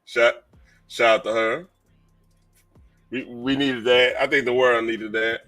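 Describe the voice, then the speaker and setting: A man's voice: medium pitch, flat delivery, slow pace, bright, forceful tone, faint music behind. A man hosting a live-stream fight watch party, chatting casually and profanely, laughing often.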